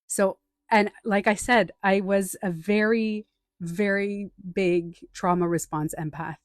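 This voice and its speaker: An animated woman hosting a casual live stream, talking straight into a close microphone in a dry room. She slips into other people's voices as she talks and repeats short phrases for emphasis. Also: medium pitch, slow pace, no room sound. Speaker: life coach and author hosting a live stream.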